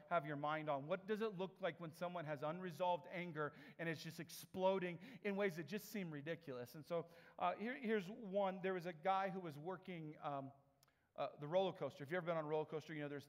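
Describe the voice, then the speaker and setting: Man speaker, animated storyteller, slightly high voice, long hall reverb. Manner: animated, laughing asides, lively impressions. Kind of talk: storytelling talk.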